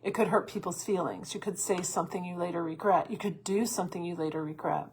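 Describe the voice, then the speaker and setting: A woman host giving earnest coaching advice in a solo talk, with restarts and soft laughs. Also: on the low side, fairly even intonation, fast talker, slight background noise. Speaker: stress coach and podcast host.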